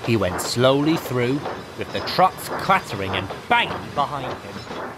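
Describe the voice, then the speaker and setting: Expressive man reading a storybook. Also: medium pitch, measured pace, heavy background noise. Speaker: narrator.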